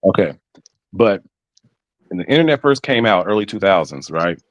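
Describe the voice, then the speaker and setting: A man in his forties on a casual group call, animated and often stumbling and restarting. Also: deep voice, normal speed, no room sound.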